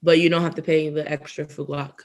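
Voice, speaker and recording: A woman's voice: low voice, little pitch movement, fast talker, slight background noise. Chatty woman podcast co-host. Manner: chatty, laughs often, sneaker and food tips. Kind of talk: casual podcast chat while eating.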